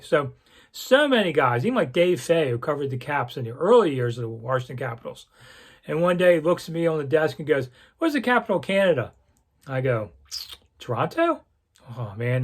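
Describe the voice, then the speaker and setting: A man in his sixties, a longtime sports columnist, reminiscing to camera in a casual, rambling way with lots of asides. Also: mid-range voice. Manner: rambling storyteller with frequent asides and self-corrections. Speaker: sports columnist hosting his own channel.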